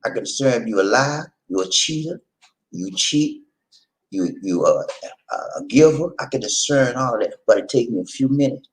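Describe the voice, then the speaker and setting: A middle-aged man hosting his vlog at home, telling stories in a folksy, animated way and talking straight to his viewers. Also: mid-range voice, moderate pace, poor audio. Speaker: vlog host. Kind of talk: casual storytelling chat to camera. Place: home in the Philippines.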